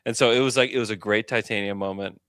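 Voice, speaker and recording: A man co-hosting a podcast in casual sports chat, animated and chatty. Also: fairly low pitch, quick pace, clean tone, no room sound, studio quality. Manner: animated, chatty, lots of fillers. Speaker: podcast co-host.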